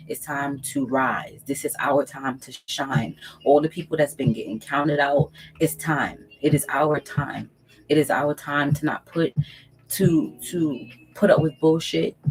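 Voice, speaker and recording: A woman's voice: low voice, a little mellow, slightly rough, poor audio. A woman reading tarot on her channel, giving emphatic, preachy spiritual advice straight to camera, repeating phrases for weight and swearing casually. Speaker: tarot reader and channel host.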